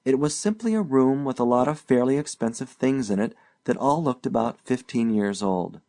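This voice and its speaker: A man reading a classic short story aloud as an audiobook narrator, in an unhurried, even storytelling delivery. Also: mid-range voice.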